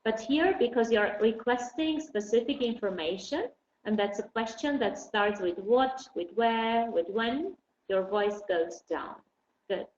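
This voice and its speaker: A woman's voice: fairly high pitch, a little slow. Patient, encouraging female English teacher; dull, echoey recording. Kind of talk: online class lesson. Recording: dull roomy recording with faint noise.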